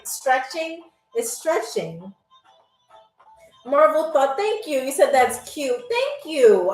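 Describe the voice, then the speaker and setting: A woman hosting a live-stream game show, chatting with viewers in a playful, teasing, sarcastic way. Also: sits high. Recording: echoey room.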